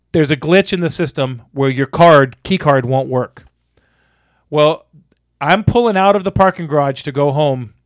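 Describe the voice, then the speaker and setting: A man co-hosting a podcast, telling a story in casual chat, animated and profane, acting out the people he quotes. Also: mid-range voice, clear, resonant tone, dry recording, clean studio sound. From Florida. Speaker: podcast co-host.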